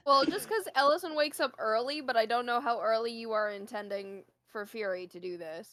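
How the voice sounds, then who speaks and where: A woman's voice: fairly high pitch, a bit bright, dry recording. Teasing young-sounding woman player. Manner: teasing, quick to laugh, matter-of-fact. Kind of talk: casual chat at a tabletop game.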